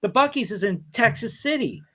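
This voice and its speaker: A man guest on a podcast, spinning an animated travel story and swearing freely along the way. His voice sits fairly high for a man. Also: a little fast, noisy background. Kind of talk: casual chat.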